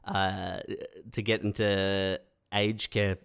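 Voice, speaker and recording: A man's voice: low-pitched, little pitch movement, slow, vocal fry, a bit bright, clean tone. A man in casual chat, laid-back and full of fillers.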